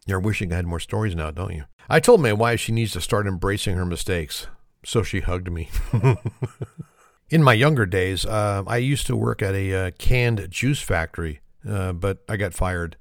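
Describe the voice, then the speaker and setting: A man's voice: low voice, unhurried, no echo, clean studio sound. A man telling corny one-liners and a long shaggy-dog joke, laughing at his own punchlines and apologizing for them. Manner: self-deprecating. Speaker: joke teller.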